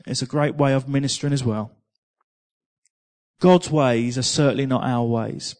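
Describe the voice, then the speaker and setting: A man preaches to a congregation in an ordinary mid-pitched, darkish voice at normal speed. He shares a personal testimony conversationally, repeating words and slipping in small laughs.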